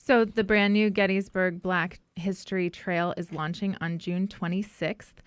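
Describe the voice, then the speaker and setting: A woman co-hosting a podcast, reading local news briskly and laughing easily at her own slips. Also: fairly low pitch, steady tone, clean tone, no room sound. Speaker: news co-host.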